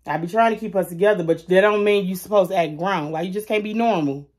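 A woman's voice: mid-range voice, fast, a little mellow. Chatty woman vlogger talking to camera. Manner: chatty, colloquial, talks straight to viewers. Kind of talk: casual chat to camera.

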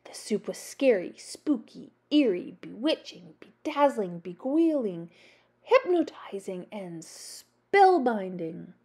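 A woman from Canada reads a children's storybook aloud at an unhurried, deliberate pace. Her voice is mellow and soft-edged, and she gives each line expressive color. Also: mid-range voice, vocal fry, slightly rough. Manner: slow, expressive reading. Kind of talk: children's book read-aloud.

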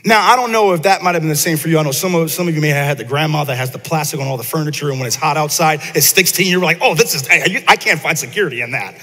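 A man's voice: a little high, racing, few pauses, a bit bright. A man preaching a casual, conversational sermon to his congregation, often repeating words and asking them questions. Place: church sanctuary. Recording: long church hall reverb.

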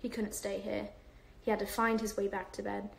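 A woman's voice: mid-range voice, little pitch movement, normal speed, gravelly, reverberant, slight background noise, rough recording. A woman reading a novel aloud to viewers on a livestream, unpolished, with fillers and self-corrections.

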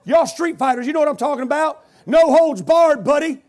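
A man preaching a revival testimony, telling his story with rising shouted intensity. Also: extremely high pitch, a little fast, hardly any pauses, some chatter behind. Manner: storytelling, builds to loud shouting.

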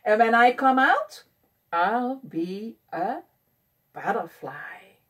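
A woman voicing a proud, chatty female caterpillar in a picture-book reading, with a high, excited storybook voice. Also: slow pace, breathy edge, far from the mic, heavily acted.

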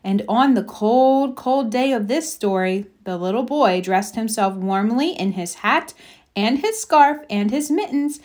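A woman reading a children's picture book aloud in a slow, expressive, sing-song way. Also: medium pitch. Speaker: children's story reader. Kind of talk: storybook read-aloud.

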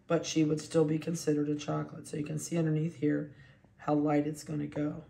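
A chatty dog breeder talks easily while handling puppies and slips into cooing baby talk. The voice sits at a mid pitch. The recording has a roomy echo, as if made in an indoor kennel room. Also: completely flat delivery, fairly quick, creaky, warm tone.

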